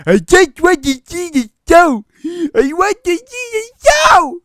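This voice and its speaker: Give me a man playing an unhinged stranger shrieking from the back of a small theater, high and piercing. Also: big pitch swings, takes it slowly, dry recording, clean studio sound, exaggerated voice. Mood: frantic yelling. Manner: shrill frantic shouting. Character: creepy man yelling from the back row.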